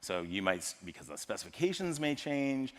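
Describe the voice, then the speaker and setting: An American man giving a lively, joking tech talk at a live conference and quizzing the audience. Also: medium pitch, brisk. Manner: lively, jokey, polls the audience. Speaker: conference speaker. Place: large conference hall. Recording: long hall reverb from a live stage.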